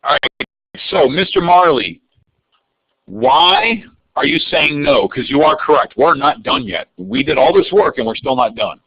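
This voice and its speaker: Animated, gravelly male math teacher. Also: a little high, unhurried, no room sound. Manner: calls on students by name, animated and upbeat. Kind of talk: live online algebra review lesson. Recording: dull lo-fi dry sound.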